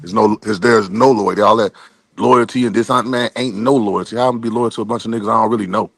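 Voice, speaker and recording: Low voiced dude, talks fast, blunt and cussing, dry sound. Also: male voice, steady tone, no echo. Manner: blunt, opinionated and profane. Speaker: panel guest. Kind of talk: casual talk-show chat.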